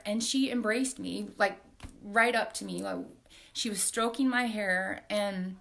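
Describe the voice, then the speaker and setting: A woman in her forties hosting a live stream, telling a personal story in a heartfelt, halting way with soft laughs. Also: mid-range voice. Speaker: host.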